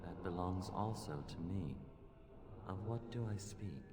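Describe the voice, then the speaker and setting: A deep, grave ghostly rebel leader in a game. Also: male voice, expressive. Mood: solemn. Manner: grave, measured, riddling. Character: solemn ghostly male former rebel leader. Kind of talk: game voice acting. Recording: roomy long game reverb with ambience.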